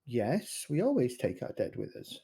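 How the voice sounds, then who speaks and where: Goblin chief, as the game master puts him on, measured, plain, mellow voice. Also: mid-range voice, huge pitch swings, creaky, husky, voice pushed down, full character voice. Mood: matter-of-fact. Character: goblin chief, gruff and matter-of-fact.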